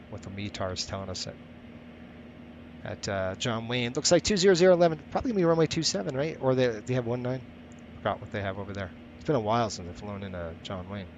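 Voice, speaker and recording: A male live-streamer talks his way through each step out loud, sometimes stopping to greet viewers in chat. His voice sits at an ordinary middle pitch for a man. Faint background noise sits under his voice. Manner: thinking aloud while setting up, chatting with viewers. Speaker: flight sim streamer.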